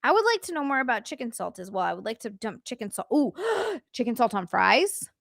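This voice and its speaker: A high, bright-voiced woman chatting away on her livestream, bubbly and giggly as she thanks her viewers over and over. Her voice sits close and dry on a desk mic with no room sound around it. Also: big pitch swings, a little fast, creaky, no room sound. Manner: bubbly and effusive, giggly, chatty asides while navigating settings. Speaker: livestream host.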